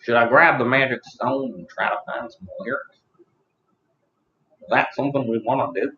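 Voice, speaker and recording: A man's voice: mid-range voice, normal speed, noisy background. Rambling, self-mocking man on a stream. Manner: rambling, self-deprecating, talks to chat. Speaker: live stream host. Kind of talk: casual live stream chat. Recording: roomy, slightly dull recording.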